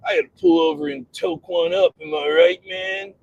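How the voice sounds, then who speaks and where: A man's voice: high voice, big pitch swings, gravelly, a little mellow, dull audio, heavily acted. A man putting on a drawling stoner dude. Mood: laid-back. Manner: slow drawl full of "man" and "like". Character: mellow male stoner dude, laid-back and drawling.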